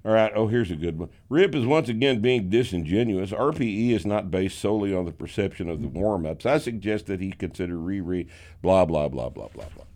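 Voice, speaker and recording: A man's voice: low-pitched, lively intonation, a little fast, a little mellow. A man hosting a podcast, sardonic and profane, mocking critics in casual banter. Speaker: podcast host.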